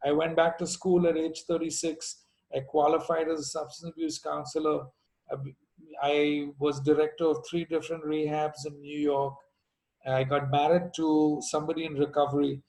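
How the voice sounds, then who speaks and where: A man's voice: a little high, level tone, moderate pace, a little mellow, low-quality recording. A middle-aged man from India telling his recovery story to a meeting, with dry jokes and asides along the way.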